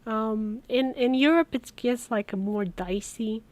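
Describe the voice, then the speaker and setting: A woman's voice: fairly high pitch, unhurried, darkish tone. A woman from Romania, chatting casually on a live stream and telling stories with little laughs. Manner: chatty storytelling, laughs between words. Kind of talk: casual chat while working.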